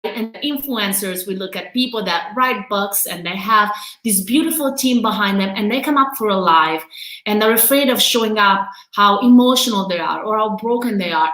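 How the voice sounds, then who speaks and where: A woman's voice: medium pitch, fairly bright tone, roomy sound, low-quality recording. A woman with an accent hosting a live motivational coaching stream from home, talking candidly and emotionally and laughing often. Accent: non-native accent. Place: at home during quarantine.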